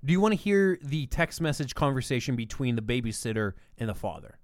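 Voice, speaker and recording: Animated young man telling a story. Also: medium pitch, brisk, no echo, studio quality. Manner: animated storytelling, reading texts aloud. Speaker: podcast co-host. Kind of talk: casual podcast banter.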